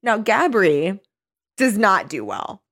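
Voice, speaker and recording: A woman's voice: mid-range voice, takes it slowly. A woman chatting casually as a podcast co-host, recapping a show with lots of giggles and acted-out quotes. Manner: animated, giggly, acts out quotes.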